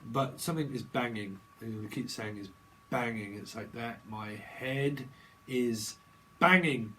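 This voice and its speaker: A man's voice: mid-range voice, a little slow. A man giving a rambling, jokey tarot reading, free-associating and laughing often. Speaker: tarot reader. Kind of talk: rambling solo reading video.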